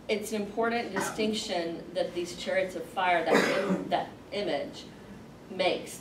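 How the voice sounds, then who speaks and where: Woman teaching a Bible class from across a roomy space. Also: on the low side. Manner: conversational, explaining with pauses and fillers. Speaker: Sunday school teacher. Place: classroom with a group. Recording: roomy, distant mic, faint noise.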